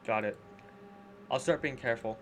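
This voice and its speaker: A wary teenage boy narrating a visual novel, voiced by a man reading aloud. The reading is plain and measured. His voice sits at a middle pitch, with a faint hiss underneath. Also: a bit bright, natural voice.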